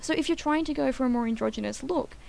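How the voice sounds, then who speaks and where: A woman's voice: high-pitched, fast, creaky, darkish tone, a little hiss or hum, poor audio. A young woman in casual chat while gaming, rambling and opinionated, full of "like" and "um". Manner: chatty and rambling, frequent "like" and "um"; blunt and opinionated. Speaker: gaming channel co-host.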